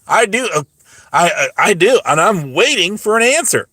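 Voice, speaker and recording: A lively, mocking man in his forties rants to his stream chat in a bright, forceful voice, slightly raised in pitch. He stumbles and restarts as he rambles, and his voice sounds a little dry. The sound is close and dry, with no room echo. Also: normal speed. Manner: sarcastic, mocking, talks straight to chat. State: voice getting dry. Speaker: livestream host. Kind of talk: casual livestream rant to chat.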